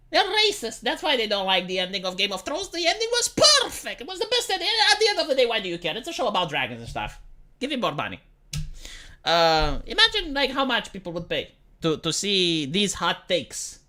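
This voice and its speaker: A lively, bright woman streamer, sarcastic and profane. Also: mid-range voice, fairly quick. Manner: profane, sarcastic, stammers with repeated words. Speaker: live streamer. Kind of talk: casual reaction stream commentary.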